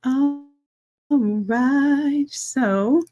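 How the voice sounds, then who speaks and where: A woman with a high voice draws out her words while walking viewers through a live-streamed software tutorial. As a design instructor, she calls them y'all and reasons aloud mid-task.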